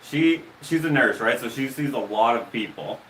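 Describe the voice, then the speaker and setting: A Canadian man hosting a casual live stream, pitch in the middle, his story full of stops and restarts. He is some way from the mic and the room rings around him. Faint noise hums underneath. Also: fairly bright tone, echoey room, recorded from a distance, low-quality recording. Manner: halting, many restarts and fillers, laughs often.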